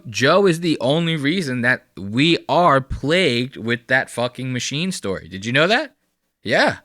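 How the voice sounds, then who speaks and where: A man's voice: medium pitch, sharp tone, no room sound, studio quality. A man hosting a podcast, giving a mocking, profane reaction commentary on clips. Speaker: podcast host.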